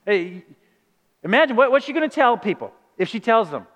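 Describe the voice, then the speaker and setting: A man's voice: very high-pitched, sing-song, fairly quick, a bit bright, big-room sound, highs cut off. A man preaching a sermon as pastor, in a conversational style with acted-out quotes.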